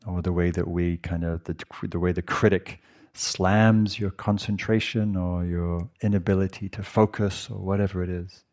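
A man, a meditation teacher, giving a gentle, conversational dharma talk to a retreat audience and asking them questions. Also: low-pitched, fairly even intonation, moderate pace. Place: meditation hall.

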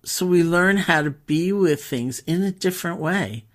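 A woman meditation teacher telling stories in a relaxed, conversational talk, with pauses and fillers. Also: lowish voice. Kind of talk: storytelling talk.

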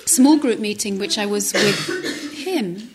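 A woman meditation teacher giving a gentle, reflective dharma talk at a retreat, often dropping to a soft near-whisper. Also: mid-range voice, lively intonation, slow, noisy background. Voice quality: breathy, often drops to a whisper. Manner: gentle, reflective, with hesitant restarts. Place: retreat center meditation hall.

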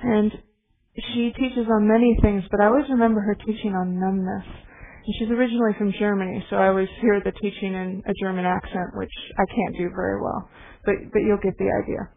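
A middle-aged woman meditation teacher giving a gentle, reflective dharma talk with pauses. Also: mid-range voice, flat delivery, vocal fry. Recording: tinny phone-like recording.

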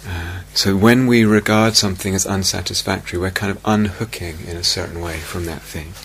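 Male meditation teacher, deep voice with some fry, reflective dharma talk, faint hum on the recording. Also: steady tone. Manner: slow, reflective, repeats phrases softly. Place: retreat meditation hall.

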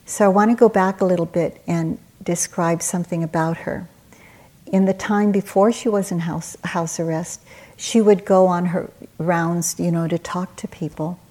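A woman meditation teacher giving a dharma talk at a retreat, telling stories in a gentle, unhurried way with soft pauses. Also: lowish voice, fairly even intonation.

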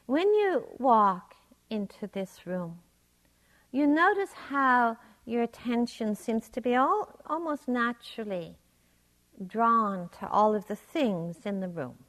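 Gentle woman meditation teacher. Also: medium pitch, big pitch swings. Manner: gentle, reflective, unhurried. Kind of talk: dharma talk.

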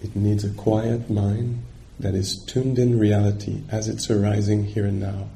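A man's voice: on the low side, level tone, measured pace, warm tone, a little hiss or hum. A man giving a dharma talk as a meditation teacher, searching for words and checking in with his listeners.

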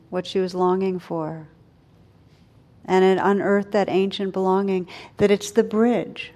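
A middle-aged woman leads a dharma talk as a meditation teacher. Her voice sits in an ordinary middle pitch. She speaks gently and without hurry, sinking to a hush on the most tender phrases. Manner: gentle, unhurried, drops soft and quiet on tender words.

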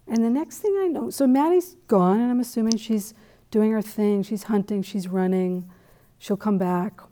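A middle-aged woman from New England giving a dharma talk, telling a personal story in a conversational, animated way with asides. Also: mid-range voice, moderate pace. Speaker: meditation teacher.

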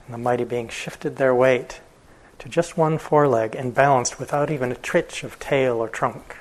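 A male meditation teacher telling a story in a dharma talk, relaxed, with fillers and chuckles. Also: mid-range voice, moderate pace, low-quality recording.

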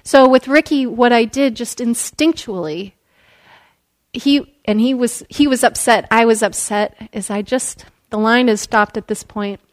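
A woman teacher shares a story during a meditation talk. Her voice sits somewhat high, and her manner is gentle and relaxed, with frequent soft laughter. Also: a little slow. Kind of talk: dharma talk.

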